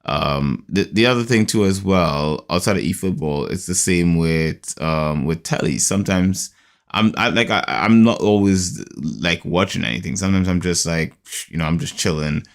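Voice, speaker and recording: Sounding groggy in the morning, a British podcast host rambles through a casual chat filled with fillers. He speaks at a moderate pace in a low voice.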